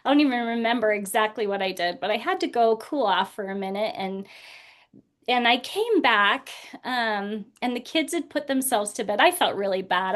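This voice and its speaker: A woman in her forties telling a personal story as a podcast guest, earnest and laughing now and then through hard memories. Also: medium pitch. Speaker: guest speaker.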